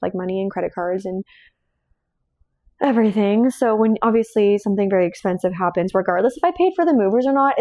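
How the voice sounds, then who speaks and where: A woman chats at home at night, hosting her own casual show. She rambles from one tangent to the next in a loose, chatty flow and laughs between thoughts. Her pitch sits right in the middle for a woman. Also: darkish tone. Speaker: host. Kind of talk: casual chat.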